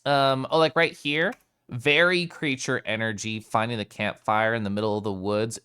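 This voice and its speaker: A male streamer chatting with his live chat in a playful, giggly way, greeting viewers by name. His voice is smooth and resonant, and his pitch swoops up and down a lot. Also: sing-song, normal speed, bright, forceful tone.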